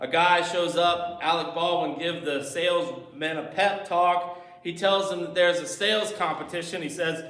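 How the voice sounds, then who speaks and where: Male pastor with a somewhat high voice, storytelling sermon, echoey sanctuary. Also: steady tone, normal speed, a bit bright. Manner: storytelling, acting out movie scenes. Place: church sanctuary. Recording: echoey church room.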